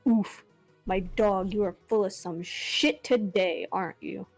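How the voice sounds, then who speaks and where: A woman on a livestream with friends, teasing and quick in casual banter. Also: medium pitch, gravelly, soft background music. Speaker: livestream co-reader. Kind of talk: casual chat.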